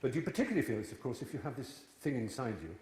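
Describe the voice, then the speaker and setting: A man's voice: medium pitch, expressive, racing, darkish tone, a little hiss or hum. A man in his fifties, a guest speaker telling witty, digressive stories to a live audience. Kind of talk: storytelling talk to a live audience. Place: large church hall before an audience. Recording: echoey church hall.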